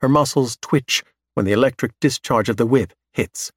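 A man narrating a science fiction audiobook in a steady, measured manner. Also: medium pitch, husky, no room sound, clean studio sound. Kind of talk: scripted narration.

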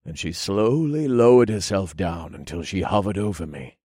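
A man narrating a first-person erotic story in a low, breathy, intimate way. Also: animated, moderate pace, a little mellow, dry recording, studio quality.

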